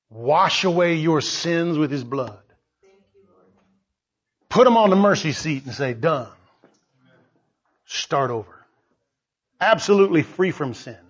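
Male preacher, high and lively voice, punchy repetitions, dull lo-fi recording. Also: a little slow, long pauses, husky. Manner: emphatic, repeats phrases, swings between soft asides and loud exclamations. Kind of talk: sermon.

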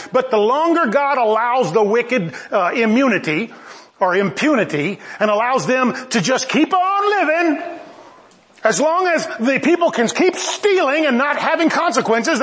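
Male preacher, high-pitched, animated and emphatic, sermon delivery with playful asides.

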